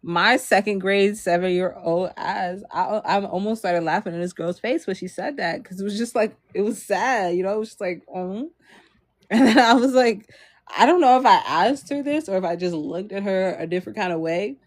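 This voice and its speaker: A woman's voice: mid-range voice, moderate pace, no echo. A young woman from Maryland telling a personal story in a storytime vlog, rambling with lots of fillers and frequent laughs.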